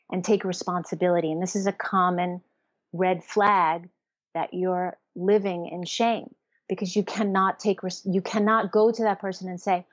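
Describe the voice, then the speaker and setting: A woman's voice: mid-range voice, no echo. A woman therapist, interviewed as a guest, explaining ideas earnestly and voicing inner self-talk as examples. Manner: earnest, teaching, acts out self-talk in quotes. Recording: dull, lo-fi, dry sound.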